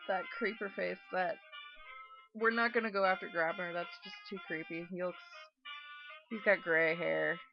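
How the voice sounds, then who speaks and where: A woman's voice: fairly low pitch, steady tone, normal speed, gravelly. A woman reading a visual novel aloud and adding chatty, wry comments about it. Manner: chatty, wry asides between read lines. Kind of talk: reading game text aloud with casual commentary. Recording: dull recording with game music.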